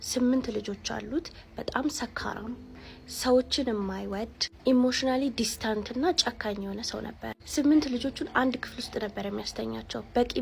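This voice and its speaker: A woman tells a scary personal story at a very rapid pace. Her voice is gravelly and sits fairly high. She slips English words into her speech. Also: a little hiss or hum.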